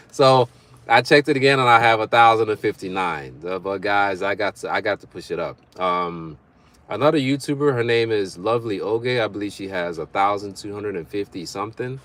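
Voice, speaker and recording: This young livestream host speaks a little fast in a fairly low, slightly bright voice. He reads out viewer comments, banters casually, and laughs frequently between his remarks.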